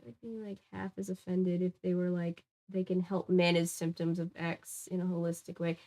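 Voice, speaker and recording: A woman's voice: fairly low pitch, flat delivery, normal speed, dark tone. A woman from Louisiana with a slight Southern US accent, chatting casually on a stream, rambling with many fillers. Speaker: streamer reading viewer comments. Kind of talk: casual live-stream chat.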